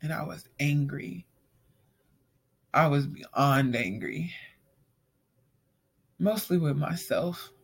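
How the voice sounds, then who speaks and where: A young woman with a low, husky, creaky voice tells a personal story in a casual monologue, speaking slowly and pausing often. She retells it with animation, acting out the quoted dialogue and saying "like" a lot.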